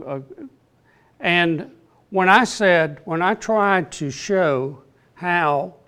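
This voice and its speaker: An older man teaching an informal Bible class in an earnest, plainspoken, halting way. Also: fairly high pitch.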